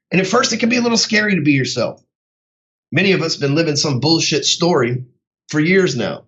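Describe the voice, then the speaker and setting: Man, sales coach, casual motivational talk, blunt and profane, slightly dull recording. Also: fairly high pitch.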